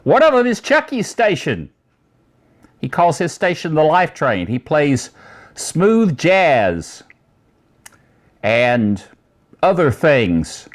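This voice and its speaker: A man's voice: mid-range voice, very animated, slow pace, pauses often. A man hosting a casual tech news show, talking in a rambling, chatty way with many asides.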